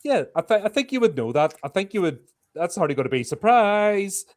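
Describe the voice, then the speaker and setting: A man's voice: high-pitched, very animated, a little fast, a little mellow. A man co-hosting a horror podcast, giving blunt, opinionated takes in casual chat. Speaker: podcast co-host.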